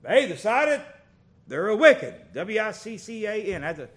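A middle-aged man delivers a folksy sermon. His voice sits high and leaps around. He rises into loud bursts and then drops to quiet asides. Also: moderate pace. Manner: folksy, animated storytelling with big swings in loudness. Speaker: preacher.

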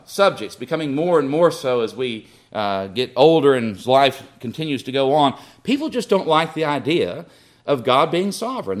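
A middle-aged man preaching a sermon, building emphasis and acting out quoted prayers. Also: on the high side.

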